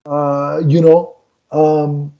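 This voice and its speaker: A man's voice: a little high, flat delivery, very slow, lo-fi sound. A man co-hosting a casual film review, retelling scenes with lots of restarts and fillers. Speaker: podcast co-host reviewing a film.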